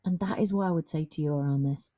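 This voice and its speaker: Low-voiced woman coaching, frank. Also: quick pace. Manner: frank, conversational, animated. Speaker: confidence coach. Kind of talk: solo podcast monologue.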